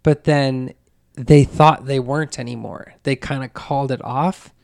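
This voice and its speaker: Gravelly podcast host telling a story. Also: male voice, medium pitch, steady tone, measured pace, a little mellow. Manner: retells a story animatedly, acting out quoted voices. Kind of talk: casual storytelling chat.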